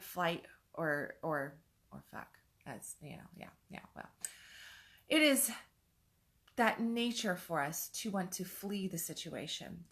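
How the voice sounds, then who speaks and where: A woman's voice: lowish voice, creaky. A woman in her forties, a life coach, talking candidly in a rambling, raw way and swearing freely. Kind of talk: casual vlog monologue.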